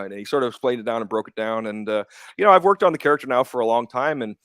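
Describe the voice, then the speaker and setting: A man's voice: mid-range voice, expressive, quick pace, a bit bright, dry recording. A man, a comics writer and publisher, talking candidly in a casual interview with frequent restarts and some swearing. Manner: candid, profane, stumbling restarts.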